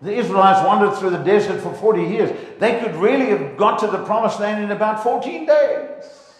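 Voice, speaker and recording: A man preaching a lively sermon in a church, playful and animated, often acting out the voices of God and his congregation. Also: high voice, normal speed. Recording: echoey hall, long reverb.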